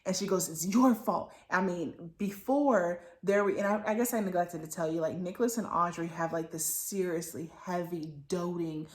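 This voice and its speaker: A woman's voice: fairly low pitch, fairly even intonation, moderate pace, hardly any pauses. A woman giving a casual book talk, retelling the plot in a rambling way with many restarts. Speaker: book reviewer.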